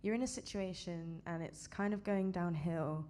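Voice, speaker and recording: A woman singer-songwriter guest chatting casually between songs, halting and hesitant, with lots of fillers. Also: fairly low pitch, mellow.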